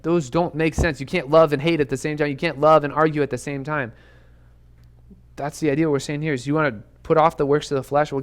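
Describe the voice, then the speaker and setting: A young man preaches to students in an earnest, urgent way. He hammers home his point with repeated questions. His voice sits a little higher than most men's. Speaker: youth pastor. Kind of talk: sermon to students. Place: church youth room.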